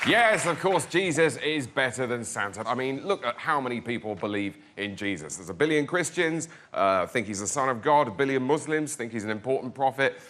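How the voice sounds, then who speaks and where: A man's voice: mid-range voice, animated, a little fast, few pauses. A man making a dry, wry comic argument on a panel show, building lists to punchlines. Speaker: comedian arguing a side. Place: studio with live audience. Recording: loud laughing crowd, noisy.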